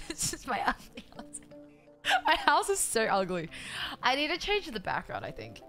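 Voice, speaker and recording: Loud, swearing young woman streamer. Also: a little high, wildly swooping pitch, measured pace, soft background music. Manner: loud, profane, exasperated, laughing often. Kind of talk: casual live-stream chat, reading chat aloud.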